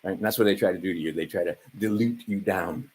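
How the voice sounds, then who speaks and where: A man's voice: low voice, fast, darkish tone, slightly rough, poor audio. A man of around 60 from Hawaii, rambling through a profane vlog monologue full of fillers and asides. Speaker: vlogger.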